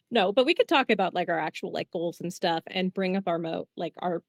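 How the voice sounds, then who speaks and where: A woman chatting casually as a tabletop game player, excitable and quick to apologize for getting carried away. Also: fairly low pitch, vocal fry, no room sound, studio quality. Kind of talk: casual chat.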